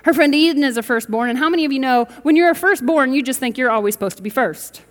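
Woman preacher, high voice, emphatic sermon delivery, congregation prompts, long hall reverb. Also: expressive, fast talker. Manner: emphatic, rising to bursts, asks the congregation to respond. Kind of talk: sermon with storytelling. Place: large church sanctuary.

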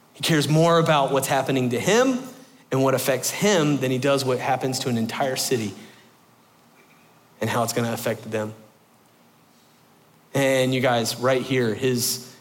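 Man preaching in an echoing hall. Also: medium pitch. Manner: animated, conversational, emphatic repetition. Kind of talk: sermon.

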